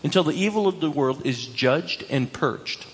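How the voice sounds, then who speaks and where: A man with a slightly high, husky voice preaches with animated emphasis, circling back to repeat his key lines. His words ring out with a long reverb, as in a large hall. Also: moderate pace. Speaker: pastor. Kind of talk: sermon.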